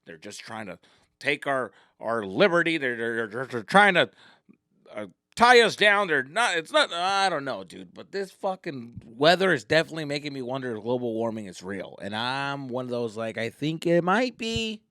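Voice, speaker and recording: Man, solo podcast host, lively swooping pitch, bright voice, dry close sound. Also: moderate pace, no echo. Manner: profane, animated, slips into Spanish. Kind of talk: casual solo podcast rant. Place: indoors at home.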